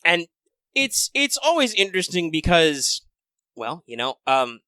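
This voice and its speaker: A man in casual chat who talks in a thoughtful, measured way, with some hesitation. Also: a little high, sing-song, pushed and bright, clear, resonant tone, no echo.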